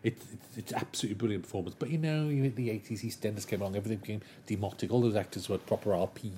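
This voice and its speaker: A man chatting as an interview guest, animated and enthusiastic, with rambling anecdotes. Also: on the low side, rapid-fire, a little hiss or hum. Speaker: guest, television writer. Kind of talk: casual interview chat.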